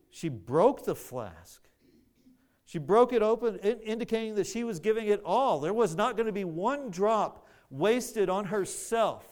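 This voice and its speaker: A man's voice: high voice, a little mellow. A man preaching a sermon, earnest, often repeating words as he searches for the phrasing.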